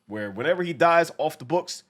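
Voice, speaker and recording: A man co-hosting a casual show reaction, talking in a profane, animated way and acting out lines from the episode. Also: a little high, a little fast.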